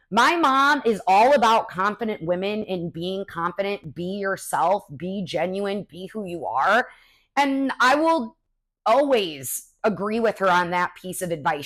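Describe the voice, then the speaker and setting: A woman's voice: fairly low pitch, measured pace. Chatty young woman telling stories. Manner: chatty, animated, many "like" fillers. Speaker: podcast host. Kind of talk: casual storytelling chat.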